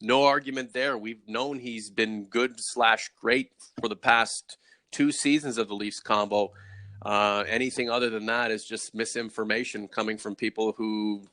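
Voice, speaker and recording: A man hosting a casual hockey talk show, energetic, asking questions and reading viewer comments. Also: fairly low pitch, normal speed, no echo. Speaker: host.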